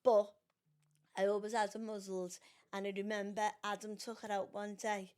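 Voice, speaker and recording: An older woman appears as a guest on her child's podcast, casually telling family stories and animatedly acting out what people said in raised voices. Her mid-range voice is clear and resonant, and she speaks at a moderate pace.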